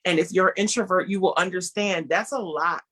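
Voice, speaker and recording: A woman's voice: lowish voice, fairly quick, breathy edge. A woman guest on an interview show, a clothing designer telling her story and acting out the voices of the people in it. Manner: animated, acts out dialogue in her story; speaks of herself as an introvert.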